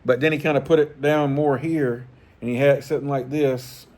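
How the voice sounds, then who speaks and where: A man's voice: mid-range voice, steady tone, normal speed, a little mellow. A middle-aged man, chatting casually and profanely about fishing gear. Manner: rambling, profane, laid-back, chuckling. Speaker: fishing channel host. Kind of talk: casual vlog chat.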